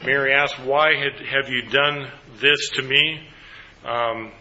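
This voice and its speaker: A man's voice: mid-range voice, steady tone, slow, bright, forceful tone, muffled recording. A man leading a group Bible study, asking the group questions and then recapping their answers.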